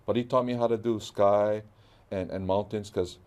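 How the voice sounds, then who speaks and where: A man's voice: fairly low pitch, fairly even intonation, normal speed, darkish tone. A middle-aged man from Hawaii with a Hawaiian accent, animatedly telling stories in a casual interview and acting out the dialogue. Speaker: guest artist.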